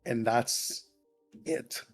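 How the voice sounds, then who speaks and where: Man calmly describing his character. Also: soft background music. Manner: deliberate, describes his character's stance in detail. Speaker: player. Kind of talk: playing a tabletop role-playing game.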